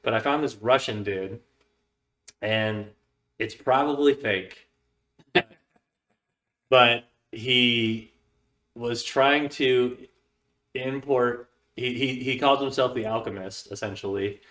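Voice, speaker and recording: A man's voice: mid-range voice, slow, pauses often, fairly bright tone. A man hosting a podcast in casual chat, meandering through a news story in a laid-back way. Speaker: podcast host.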